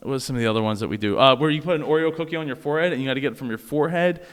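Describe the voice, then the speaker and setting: A man's voice: medium pitch, very fast, a bit bright, in a large hall. A man, a podcaster, talking as a guest in a casual interview, rambling with lots of fillers and restarts.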